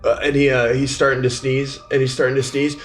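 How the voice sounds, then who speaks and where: A man narrating as game master of a tabletop game, halting with many fillers. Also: medium pitch, level tone, soft background music.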